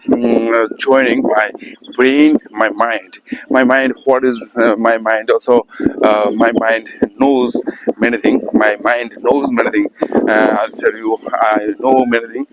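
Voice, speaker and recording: A man with a Bengali accent and Bengali as his first language, practicing spoken English in a casual monologue, halting with many fillers and restarts. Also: mid-range voice, a little hiss or hum, poor audio. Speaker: English learner vlogger.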